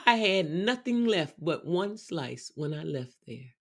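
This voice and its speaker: A woman's voice: lowish voice, a little slow. Woman host, middle-aged, casual storytelling, exuberant, swoops up and down a lot. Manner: exuberant, animated storyteller with lots of exclamations. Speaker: show host.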